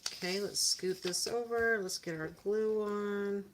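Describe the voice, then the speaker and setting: A woman's voice: medium pitch, steady tone, measured pace, slight background noise. A woman hosting a casual livestream, chatting with viewers as she narrates her crafting at home. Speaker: livestream host.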